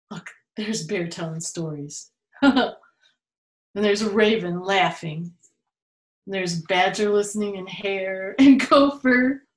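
Animated woman reading to kids. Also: mid-range voice, echoey room, rough recording. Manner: playful, animated, laughs often. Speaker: children's museum storytime reader. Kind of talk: reading a picture book aloud to children.

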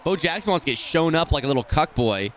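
A man streaming a football video game, talking through each play and often swearing and yelling at the game in frustration. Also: a little high, expressive, quick pace, a little hiss or hum. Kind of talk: live gameplay commentary.

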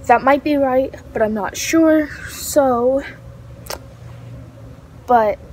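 High-voiced teen girl rambling a story. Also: darkish tone, slight background noise, rough recording. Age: teens. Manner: rambling, lots of fillers and self-corrections. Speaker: vlogger. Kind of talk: casual storytime.

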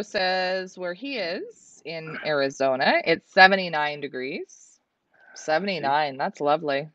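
A woman's voice: low voice, lively intonation, measured pace, fairly bright tone, dry recording, muffled recording. A woman from Canada hosting a livestream, chatting and reading out viewer comments. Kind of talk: casual livestream chat.

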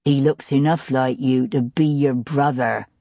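A woman narrator voicing a gruff, stocky, scarred male tavern keeper and ex-soldier with a West Country accent, in a surly, taunting manner. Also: a bass voice, fairly even intonation, measured pace, mellow, no room sound, muffled recording, voice pushed down, full character voice. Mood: menacing. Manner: surly, taunting, clipped dialect.

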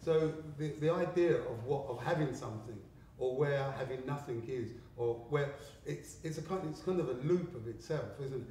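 A man from England speaks at normal speed with few pauses in a warm, medium-pitched voice, rambling through gallery stories, cursing and laughing along the way. The indoor art gallery sounds very echoey, the microphone distant, and faint noise lingers behind him.

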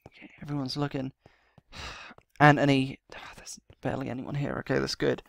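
A man's voice: mid-range voice, little pitch movement, normal speed, gravelly, a bit bright, slight background noise. A man voicing his character in a game role-play, muttering to himself with sighs and then pleading urgently. He is out of breath. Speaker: roleplay series host playing his character.

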